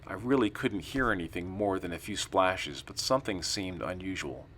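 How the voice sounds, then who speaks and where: Male narrator, low-pitched, calm scripted storytelling with acted-out dialogue. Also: normal speed, a little hiss or hum. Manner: calm storytelling, acts out quoted lines.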